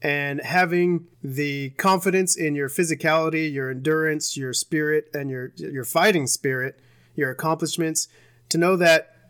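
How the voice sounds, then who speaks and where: A man talks earnestly on a podcast, dropping "dude" and "man" as he goes. His voice is slightly high. The sound is dry and close. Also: fairly bright tone, smooth, no room sound. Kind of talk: casual chat.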